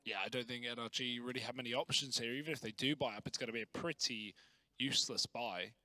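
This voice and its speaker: A male esports caster calling a match play-by-play. His voice is bright and forceful, and he rises fast with the action, then drops into easy joking banter. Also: medium pitch, no room sound. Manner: excitable, jokey banter. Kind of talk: play-by-play commentary.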